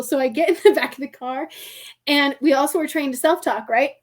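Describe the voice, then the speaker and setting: A woman guest on a podcast telling a story in casual conversation. She is animated, laughs often, acts out the people in it and keeps saying "like". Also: sits high, brisk. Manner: chatty, heavy use of "like" and "I'm like".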